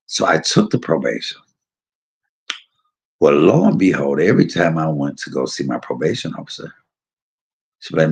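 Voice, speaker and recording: A middle-aged man casually telling a personal story, animated and laughing, using street slang and acting out quotes. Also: very deep voice, a little fast.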